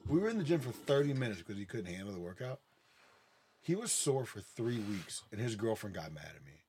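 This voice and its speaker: A man's voice: fairly low pitch, very animated, fairly quick, darkish tone, slight background noise. A man hosting a casual podcast, telling rambling, profane family stories with lots of "like". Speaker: podcast host. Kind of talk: casual storytelling chat.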